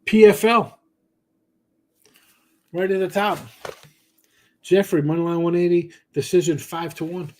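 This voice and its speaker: Yawning and tired after little sleep, a man runs a sports betting podcast, casually reading viewer comments and speaking to chatters by name. His voice is high and a little slow, with frequent pauses and an offhand, rambling manner.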